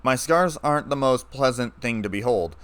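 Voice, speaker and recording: A man reading a story aloud, playing a scarred, weary ex-soldier who speaks in a low, flat, calm way. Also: moderate pace, clear, resonant tone, no echo, lightly acted.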